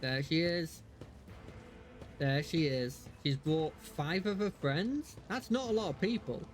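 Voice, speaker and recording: A man's voice: a little high, slow, soft background music. A man casually commenting as he plays a game live, chatting between lines of dialogue he reads aloud. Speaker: streamer.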